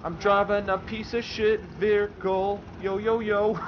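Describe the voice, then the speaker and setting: A man's voice: high voice, flat delivery, normal speed, muffled recording, background noise. A young man swearing and ranting in exasperation as he comments on his own gameplay. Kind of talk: let's-play commentary.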